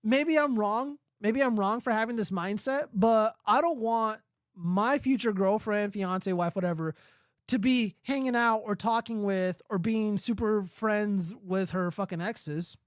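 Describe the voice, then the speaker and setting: A man's voice: high voice, a little slow, no echo, clean studio sound. A man hosting a livestream, ranting casually and profanely while answering chat. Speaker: livestream host.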